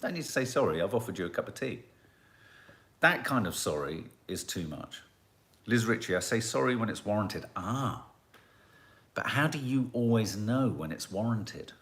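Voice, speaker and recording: A middle-aged man talks casually on a live stream, mulling over viewers' comments. His voice sits low but swings widely in pitch, chatty and reflective. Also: expressive, normal speed, a bit bright. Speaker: host reading live chat comments.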